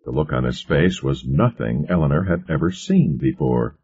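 Very deep, husky male storyteller. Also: moderate pace. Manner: steady storytelling. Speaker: audiobook narrator. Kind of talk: scripted narration. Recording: muffled lo-fi recording.

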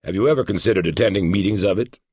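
A man's voice: deep voice, racing, darkish tone, breathy edge, dry recording, clean studio sound, pitched above the performer's own voice. A man reading as a stern middle-aged male federal agent who talks in a formal, lecturing way. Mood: officious.

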